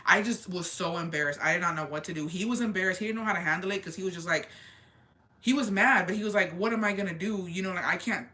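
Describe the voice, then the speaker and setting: A young woman casually and candidly retelling a family story, animated, with lots of "like" and quoted dialogue. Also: fairly low pitch, quick pace. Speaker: storyteller on a chat show. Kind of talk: casual chat.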